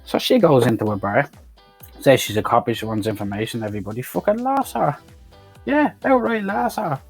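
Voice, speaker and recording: A man's voice: medium pitch, sing-song, brisk, vocal fry, breathy edge, faint music behind. A man recapping a film in a rambling, sweary, sarcastic way. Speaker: film reviewer. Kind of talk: profane comedic movie recap.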